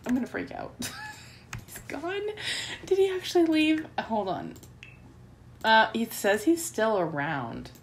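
A woman's voice: a little high, wildly swooping pitch, slow, long pauses, a little hiss or hum. A woman hosting a let's play, giving chatty gameplay commentary and getting easily flustered and melodramatic.

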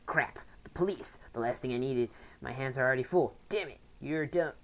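A woman's voice: very deep voice, a little fast. Archie, a woman reading as a hotheaded gang boss. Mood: angry. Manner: angry ranting.

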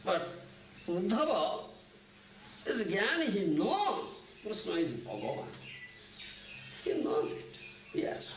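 An older man gives a spiritual lecture, slow and unhurried, and his voice leaps from low to high. He keeps checking on his listeners with short questions. The recording is echoey, and the mic sits a fair way off. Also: wildly swooping pitch, a bit bright. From India. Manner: keeps asking "Huh?" and "Isn't it?", chanting Sanskrit verses. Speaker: spiritual teacher. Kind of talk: devotional lecture. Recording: echoey room, mic at a distance, faint hiss.

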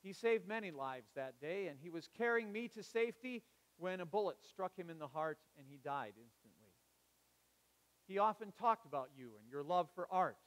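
A man's voice: high-pitched, animated, normal speed, in a large hall. A man voicing a grateful young soldier who speaks modestly. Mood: humble. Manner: soft, modest. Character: humble young male soldier, grateful and shy.

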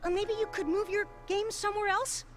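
A woman's voice: very high-pitched, steady tone, a little fast. A woman voicing an eager young male baby dragon, earnest and fussy, over cartoon music. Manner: earnest, fussy, anxious to please.

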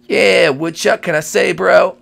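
A lazy, drawling surfer-dude dinosaur, as a man acts him out in a Minecraft comedy role-play. His voice sits fairly high, crackles with heavy gravelly fry, and rolls out slow and easy, thick with slacker slang. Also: fairly even intonation, fairly bright tone, exaggerated voice. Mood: laid-back. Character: laid-back surfer-dude male dinosaur thawed from ice.

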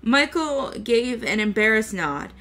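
A woman reading a novel aloud chapter by chapter, going slowly and carefully, stumbling now and then and correcting herself. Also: a little high, sing-song, a bit bright. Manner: slow, careful reading with small slips and self-corrections. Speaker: VTuber book reader.

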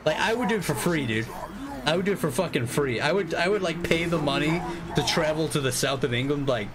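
A young man hosting a live game stream, chatting casually, excitable and swearing freely with rambling restarts. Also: fairly high pitch, a little fast, over music.

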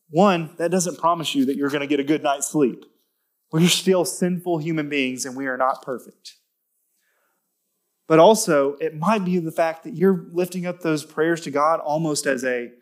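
Earnest man preaching a sermon. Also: on the high side. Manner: earnest, builds to emphatic lifted delivery when stressing points; conversational with self-corrections and restarts. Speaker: pastor. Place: church.

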